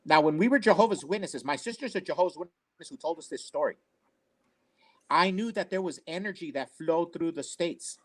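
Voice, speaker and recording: An older man tells family stories in an earnest, rambling manner, circling back and repeating himself as he goes. His voice sits slightly on the high side. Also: a little fast. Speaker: storyteller on a family talk show. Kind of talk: casual personal storytelling.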